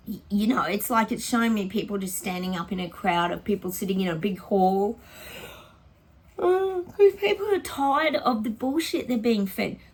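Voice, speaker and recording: Husky, chatty Australian woman psychic. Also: mid-range voice. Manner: chatty and rambling, addresses viewers as guys. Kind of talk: casual vlog chat during a psychic reading.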